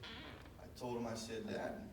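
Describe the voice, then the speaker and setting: A man tells a folksy, rambling story at a memorial service, his voice sitting at an ordinary middle pitch. He is picked up from far off in an echoey room, and steady noise runs behind him. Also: moderate pace. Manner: folksy, rambling, with many fillers. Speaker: son giving a memorial eulogy. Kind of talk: storytelling eulogy.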